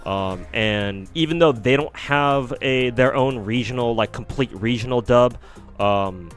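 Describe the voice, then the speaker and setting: A man's voice: mid-range voice, a little slow, soft background music. A man streaming a game, rambling through casual commentary with frequent swearing. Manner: rambling, profane.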